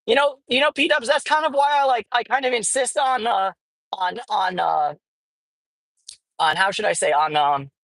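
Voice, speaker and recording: A woman's voice: fairly high pitch, normal speed, creaky, a bit bright, dry recording, poor audio. Rambling, cursing woman vlogging from a car. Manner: rambling, profane, many fillers. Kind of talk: casual chat while driving. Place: inside a car.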